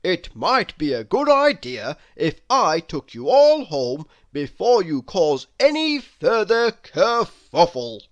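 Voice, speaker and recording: A man's voice: high voice, huge pitch swings, takes it slowly, few pauses, dull audio, exaggerated voice. A man reading a storybook aloud, voicing a cheery, fussy male blackbird in a bouncy, emphatic way. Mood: polite.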